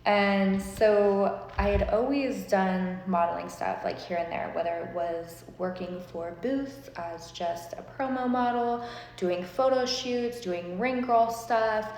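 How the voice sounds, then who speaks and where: A woman's voice: mid-range voice, slow pace, a little mellow, a little hiss or hum. Chatty young woman in an echoey room. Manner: chatty, lots of fillers and swearing. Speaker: vlogger. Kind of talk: casual storytelling. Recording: echoey room with long reverb.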